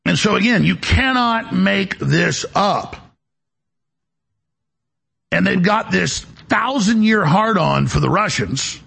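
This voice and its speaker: A man's voice: high-pitched, expressive, slow, creaky, long pauses, bright, forceful tone, breathy edge. A male talk show host delivering an emphatic, rambling political monologue, often repeating words as he goes.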